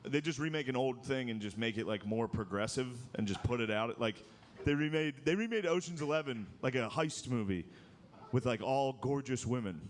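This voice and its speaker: Male stand-up comic, animated pitch, casual rambling delivery; noisy live club recording. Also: a little fast. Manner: loose, conversational delivery with many "like"s. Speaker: stand-up comedian. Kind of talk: stand-up comedy set.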